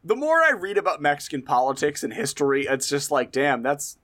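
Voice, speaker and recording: A man's voice: a little high, animated, fairly quick, fairly bright tone. A man co-hosting a comedy podcast, telling a history story in casual chat, swearing freely and laughing often. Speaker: podcast co-host.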